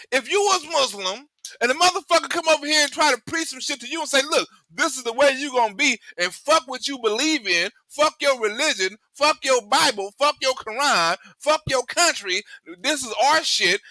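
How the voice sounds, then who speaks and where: A male host giving rambling, profane political commentary in an animated way, cursing heavily. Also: extremely high pitch, no echo.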